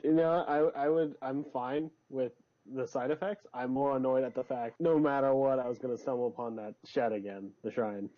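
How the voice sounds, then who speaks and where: A man's voice: medium pitch, normal speed. A man playing his character in a tabletop game, joking and often restarting his sentences. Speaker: player. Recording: dull lo-fi sound.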